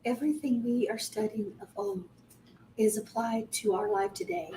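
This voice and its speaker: A woman's voice: fairly high pitch, normal speed, dark tone. A woman joins a group Torah study, stressing her points emphatically. She sits well back from the microphone, so her voice sounds distant, and a faint hiss of background noise runs underneath. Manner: emphatic, correcting pronunciation.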